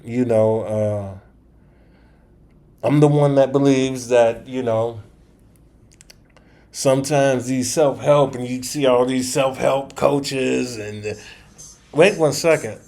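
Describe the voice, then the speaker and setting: A man talking straight to his viewers in a loose, unscripted monologue. He rambles and circles back, restarting sentences and dropping slangy asides, at a pitch in the middle for a man. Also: takes it slowly, long pauses, dark tone. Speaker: channel host. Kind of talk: casual storytelling monologue.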